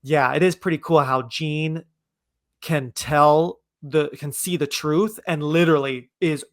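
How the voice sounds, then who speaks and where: A man's voice: on the high side, steady tone, a little slow. A man hosting a podcast in casual chat, rambling and thinking aloud with lots of fillers. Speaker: podcast host.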